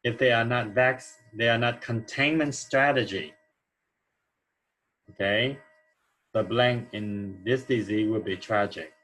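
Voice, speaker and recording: A man's voice: mid-range voice, slow, pauses often, fairly bright tone, poor audio. A man teaching an English grammar lesson, explaining answers step by step and checking in with "okay?" as he goes.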